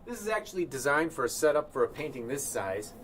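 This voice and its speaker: A man chatting casually while he paints live. He rambles offhand and thinks out loud in a room indoors. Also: fairly high pitch, big pitch swings, fast, noisy background. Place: indoor studio room with a sunny window.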